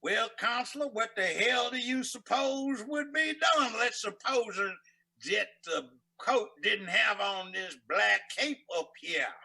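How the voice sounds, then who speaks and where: A man's voice: high-pitched, lively intonation, slow pace, gravelly, sharp tone, breathy edge, pitched above the performer's own voice, full character voice, rough recording. An older man playing a blustery old Southern judge. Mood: gruff, scornful. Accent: Southern US drawl.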